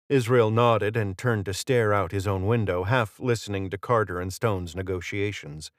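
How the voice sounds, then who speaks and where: A man narrates an audiobook in a steady, even storytelling manner. His voice sits on the low side. The recording is close and dry, with no room sound. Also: normal speed, few pauses, no echo.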